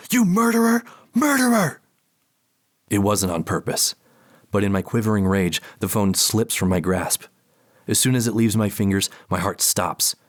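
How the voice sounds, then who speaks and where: Deep-voiced male audiobook narrator. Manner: tense, panicked inner monologue. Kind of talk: first-person audiobook narration.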